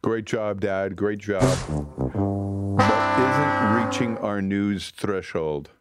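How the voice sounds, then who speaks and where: A man's voice: fairly low pitch, slow, over loud music. A man hosting a radio talk show, making dry, sarcastic remarks about news clips in a casual way. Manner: dry, sarcastic, dismissive asides.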